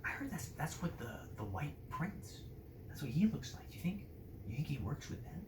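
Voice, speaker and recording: A man's voice: on the high side, sing-song, moderate pace. A man voicing a curious male guard who loves spreading rumors, musing and speculating in an echoey room. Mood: wondering. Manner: speculative, rambling. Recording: roomy echo, faint noise.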